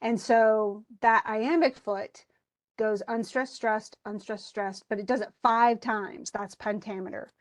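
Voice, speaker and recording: Woman teacher lecturing online, slightly high voice, chatty, lots of restarts and "okay?" check-ins. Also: fairly even intonation, a little slow. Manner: conversational, many restarts and fillers, checks in with students. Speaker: college English instructor.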